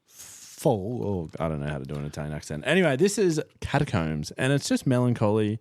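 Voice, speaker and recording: A man's voice: fairly low pitch, very animated, fast, a little mellow, no room sound, studio quality. A young man co-hosting a music podcast in casual, playful chat that often trails off. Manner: laid-back, playful, trails off. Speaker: podcast co-host.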